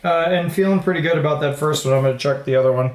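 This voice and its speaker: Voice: mid-range voice, racing. A tabletop game player, laid-back, laughing often and joking about the dice. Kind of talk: casual tabletop play. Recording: echoey room, faint noise.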